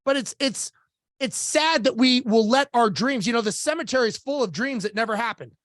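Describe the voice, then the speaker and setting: A man telling stories as a business coach and podcast guest, lively and casual, acting out the dialogue he recounts and swearing now and then. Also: very high-pitched, brisk, dry recording, clean studio sound. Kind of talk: storytelling in a podcast interview.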